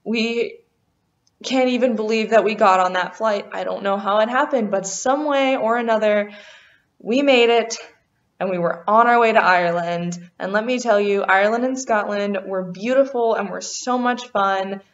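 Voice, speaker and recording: A young woman vlogger telling a lively storytime about a travel mishap, acting out what people said. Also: medium pitch. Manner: animated, quotes people in quick voices. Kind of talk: casual storytime. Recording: dull lo-fi sound.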